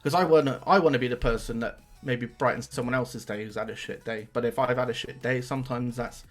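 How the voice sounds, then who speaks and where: Laid-back streamer, casual chat. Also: male voice, medium pitch, steady tone, fast talker, soft background music. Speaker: podcast guest, streamer.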